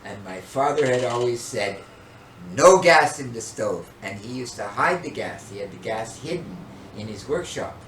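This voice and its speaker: An older man and podcast co-host, telling a story in casual chat with an animated, dramatic manner. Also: mid-range voice, moderate pace, few pauses. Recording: echoey room, distant mic, faint noise.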